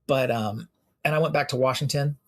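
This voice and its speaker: A young American man, a police officer and interview guest, telling animated stories and acting out the exchanges he quotes. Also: medium pitch, brisk. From United States. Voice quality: gravelly, husky voice. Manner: animated storyteller who acts out quoted exchanges. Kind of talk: casual storytelling in an interview.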